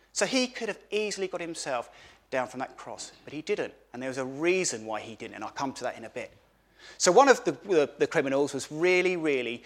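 A man giving a children's sermon at a family church service, animated, asking the children questions and repeating words for emphasis. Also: a little high.

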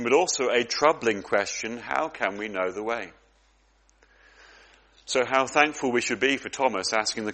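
A man's voice: mid-range voice, sharp tone. A man preaching a sermon, earnest and reflective, often repeating words as he goes.

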